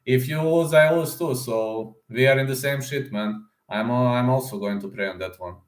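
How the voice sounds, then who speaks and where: A man with a medium-pitched voice, talking at ordinary speed, runs a laid-back livestream where he forecasts fights. Chatty and full of fillers and "man," he reads viewers' messages aloud, and the sound is echoey.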